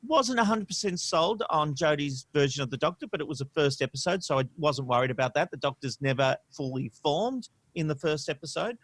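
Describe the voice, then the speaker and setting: Animated opinionated man, podcast host. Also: on the high side, brisk, few pauses, dry recording. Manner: opinionated, animated, frequent "you know" and "um". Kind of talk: casual podcast discussion. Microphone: studio microphone.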